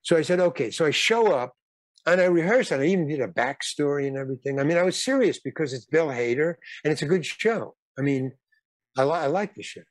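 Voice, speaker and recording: A man's voice: a little high, animated, fairly quick, no room sound. A man in his eighties, a guest actor and comedian, telling casual anecdotes in a rambling way, with repeated words, restarts and some blunt swearing.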